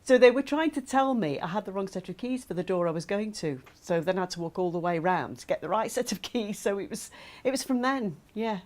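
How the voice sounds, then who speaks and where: A woman's voice: medium pitch, animated, fairly quick, hardly any pauses, darkish tone, natural voice. An actress as a chatty woman. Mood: candid. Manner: chatty, self-deprecating, laughing. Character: chatty adult woman with mild hearing loss. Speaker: actor voicing a woman's testimony. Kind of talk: scripted testimony monologue.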